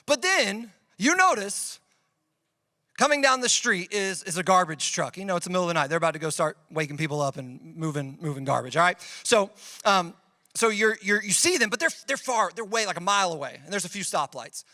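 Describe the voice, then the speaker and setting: A youth pastor with a high, bright, forceful voice preaches to students in a relaxed, conversational way. He leans on storytelling examples to make his points. The recording is dry and close, with no room sound. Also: fairly quick, dry recording. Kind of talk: youth sermon.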